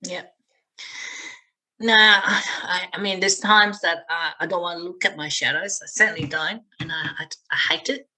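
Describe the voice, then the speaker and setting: A woman's voice: lowish voice, moderate pace, sharp tone, rough recording. A woman in a casual group chat who talks playfully and teases the others. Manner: playful, teasing, laughs easily. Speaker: group discussion participant.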